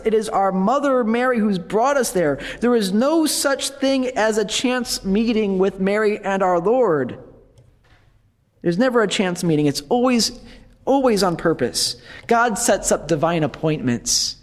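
A priest giving a retreat talk in a relaxed, conversational way, with playful asides to his listeners. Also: high-pitched. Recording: long hall reverb.

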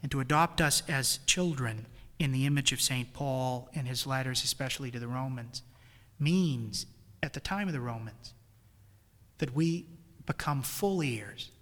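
A man's voice: mid-range voice, measured pace, fairly bright tone, in a large hall. A man with a New England accent preaching a retreat sermon, swelling emphatically on key phrases. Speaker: priest leading a retreat.

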